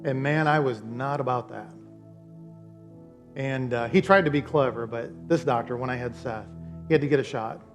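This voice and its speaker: A man preaching a sermon as pastor, telling stories and repeating phrases as he makes his point. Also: medium pitch.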